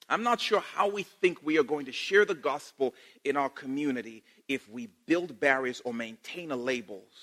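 Lively bright-voiced male preacher. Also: a little high. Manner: animated and playful, laughing and quick asides; repeats phrases for emphasis. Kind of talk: sermon.

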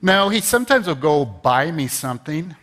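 A man's voice: a little high, big pitch swings, normal speed, fairly bright tone. Man preaching in a reverberant hall. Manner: conversational preaching, rising to emphatic peaks. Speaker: pastor. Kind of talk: sermon. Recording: long reverb of a large hall.

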